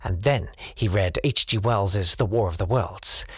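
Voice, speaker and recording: A man's voice: fairly low pitch, unhurried, a bit bright, breathy edge, no echo. A man co-hosting a comedy podcast, telling a history story playfully and slipping into silly voices. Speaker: co-host. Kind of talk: comic storytelling.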